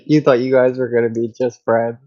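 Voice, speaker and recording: A man co-hosting a comedy podcast, easygoing and quick to laugh, musing with hedges. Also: medium pitch, little pitch movement, darkish tone, muffled recording. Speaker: podcast co-host. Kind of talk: casual comedic chat.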